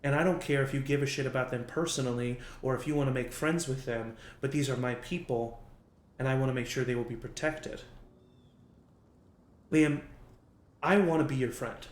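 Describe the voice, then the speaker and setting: A man's voice: medium pitch, normal speed, close to an everyday voice. Stern caring camp leader, man voicing, plain-spoken, roomy recording. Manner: firm, blunt, plain-spoken. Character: stern male settlement leader, blunt but caring. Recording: echoey room.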